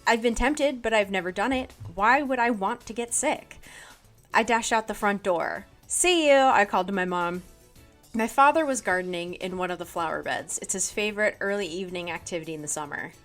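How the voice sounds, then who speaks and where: A woman co-hosting a comedy podcast, reading a children's novel aloud with animated character voices in the dialogue. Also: mid-range voice, brisk, soft background music. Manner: reads narration and dialogue with animated quoted voices, often laughing.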